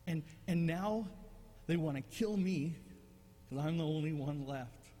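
A man's voice: on the high side, measured pace, dark tone, long reverb tail. A man playing the prophet Elijah as a frightened, aggrieved man pleading his case.

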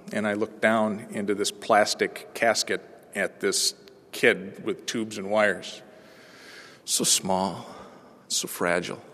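Man preaching in an echoing hall. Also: medium pitch. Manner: wide swings from hushed to ringing proclamation. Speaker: pastor. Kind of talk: sermon with personal storytelling. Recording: long reverb of a large hall.

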